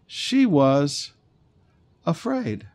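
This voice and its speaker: Male pastor, sermon, reads then explains emphatically, slightly high voice. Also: very animated, drawn-out words, a little mellow. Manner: reads scripture then comments emphatically, repeats points.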